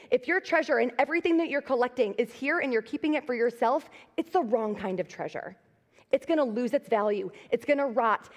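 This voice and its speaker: A middle-aged woman pastor giving a live sermon, talking in a conversational, self-deprecating way and telling personal stories. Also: on the high side. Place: large church auditorium. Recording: long reverb of a live church hall.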